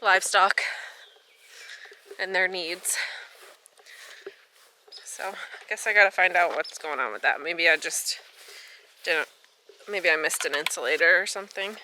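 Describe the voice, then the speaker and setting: A young American woman vlogging casually on her farm, chatty and excitable, a little out of breath. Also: lowish voice, a little slow, long pauses, a little hiss or hum. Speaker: farmer vlogger. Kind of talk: casual vlog narration. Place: outdoors on a farm.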